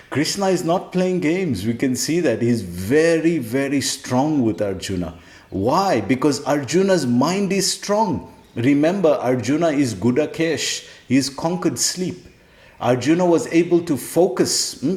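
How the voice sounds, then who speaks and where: A man's voice: on the high side, lively intonation, unhurried, darkish tone. A man giving a sermon to devotees, emphatic and repeating key phrases. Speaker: spiritual teacher. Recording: roomy echo.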